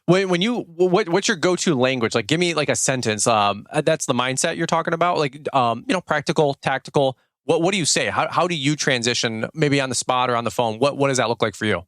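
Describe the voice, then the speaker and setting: A man hosting an interview, asking questions in a halting, eager way with many restarts. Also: mid-range voice, a bit bright, no room sound, studio quality. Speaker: podcast host.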